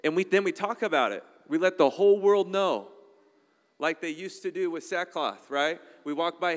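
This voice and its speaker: A man's voice: on the high side, moderate pace. Emphatic male pastor in a reverberant hall. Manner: emphatic, conversational preaching with frequent "all right?" asides. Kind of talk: sermon.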